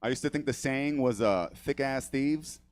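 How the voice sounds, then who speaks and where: A man's voice: medium pitch, normal speed, no room sound, clean studio sound. A man from New York who grew up speaking Spanish first, doing a brash, profane stand-up set on a comedy theater stage, laughing at his own jokes and asking "right?" after each line.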